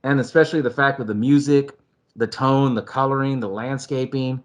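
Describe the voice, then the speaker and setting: A man co-hosting a casual movie chat, animated and profane, sometimes acting out scenes with sudden loud shouts. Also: mid-range voice, normal speed. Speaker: podcast co-host.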